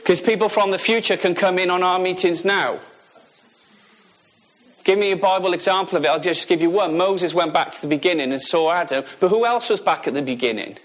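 A man delivering a sermon in a notably high voice. He preaches emphatically, firing questions at his listeners and repeating key phrases to drive them home. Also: brisk, a bit bright.

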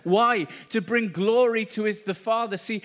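A man's voice: sits high, normal speed. A man preaching a charismatic sermon at a church meeting, fervent and repetitive, exclaiming to the congregation.

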